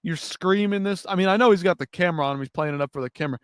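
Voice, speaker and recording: Ranting high-voiced man, dry sound. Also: very fast, clear, resonant tone, no echo. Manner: ranting, profane, heated. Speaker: MMA news show host. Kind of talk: live-stream commentary.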